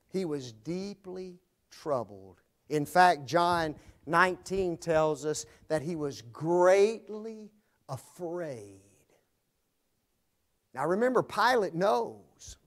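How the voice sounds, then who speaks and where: A man preaching a sermon to his congregation, speaking to them directly and swinging from loud climaxes to hushed low lines.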